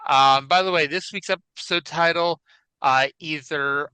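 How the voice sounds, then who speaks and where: Bright, crisp-voiced male podcast host. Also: fairly high pitch, measured pace, dry recording, rough recording. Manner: wry, chatty, profane. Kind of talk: casual chat about wrestling.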